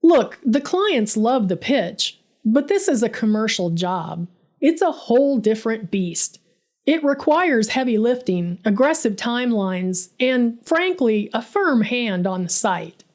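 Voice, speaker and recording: A woman's voice: fairly high pitch, big pitch swings, measured pace, a little mellow. A woman voicing an arrogant, condescending male construction boss in a storybook narration, smug and dismissive.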